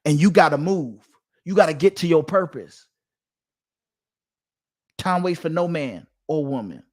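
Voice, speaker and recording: Man, preachy monologue, emphatic, sermon-like cadence, somewhat high voice. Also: expressive, unhurried. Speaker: online commentator. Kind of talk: preachy direct-to-camera monologue.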